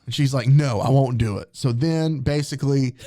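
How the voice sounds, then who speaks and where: A man's voice: mid-range voice, normal speed, dark tone. A man hosting a casual comedy podcast, reading romance comic lines aloud in playful put-on voices and laughing along. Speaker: podcast host.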